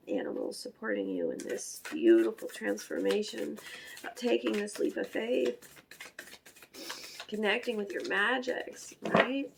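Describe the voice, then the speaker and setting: A woman in her forties giving a rambling, emotional spiritual card reading, soft-spoken with sighs and brief whispers. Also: medium pitch, very animated, measured pace, vocal fry, a little hiss or hum. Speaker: oracle card reader.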